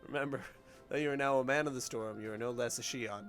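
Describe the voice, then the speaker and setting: A man voicing a composed young woman leader, gentle, polite and measured, with game music behind. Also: mid-range voice, fairly even intonation, natural voice.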